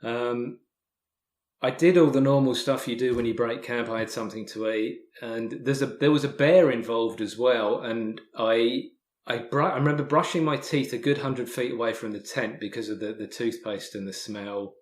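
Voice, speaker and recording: An English man, a podcast guest, telling a story in casual talk, halting with many restarts and repeated words. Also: mid-range voice, echoey room. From England. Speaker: podcast guest, hiker and author.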